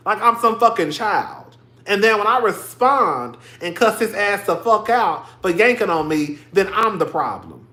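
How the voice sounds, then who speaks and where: A man's voice: high-pitched, unhurried. Sassy, profane man in an echoey room. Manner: sassy, animated, profane, laughs often. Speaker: livestream host. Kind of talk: casual livestream commentary. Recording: roomy echo.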